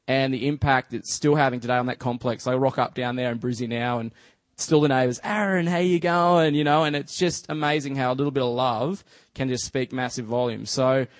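An Australian man giving a church talk as a relaxed, chatty story, full of fillers like "just" and "you know". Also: medium pitch, brisk, dry recording. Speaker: church speaker. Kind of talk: casual storytelling sermon.

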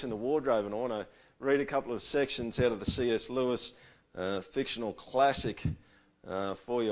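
A man preaching a conversational sermon, casual and animated, asking his audience questions. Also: medium pitch.

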